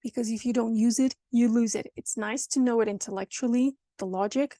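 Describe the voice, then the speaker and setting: A woman with a European Portuguese accent teaches pronunciation in a video lesson. Her voice sits fairly high and comes across dry, with almost no room sound. She explains things plainly and speaks straight to the learner. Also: fairly even intonation, a little fast, dark tone, no room sound. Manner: explanatory, direct, addresses the learner. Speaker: language teacher.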